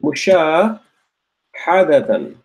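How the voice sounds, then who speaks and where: A man's voice: a little high, sing-song, a little mellow. Patient man teaching Arabic in class. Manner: patient, drills words by repeating them slowly; checks in with students often. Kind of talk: classroom grammar lesson.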